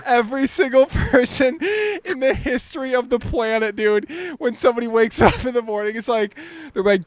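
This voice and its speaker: A man co-hosting a comedy podcast, excitable and profane in casual chat over a video call. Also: very high-pitched, a little fast, hardly any pauses, a little hiss or hum. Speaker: podcast co-host.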